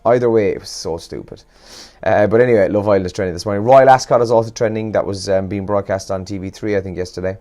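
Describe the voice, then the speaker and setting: A man's voice: lowish voice, fast, dark tone. A young Irish man hosting a morning radio show, chatting casually and rambling a bit, sounding tired and yawning. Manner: chatty, rambling and self-deprecating.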